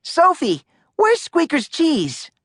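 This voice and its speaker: A woman voicing an energetic young boy, a helpful big brother, who calls out loudly in a storybook. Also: high voice, takes it slowly, dry recording, studio quality, pitched above the performer's own voice, full character voice. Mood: eager. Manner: loud, cheering counting.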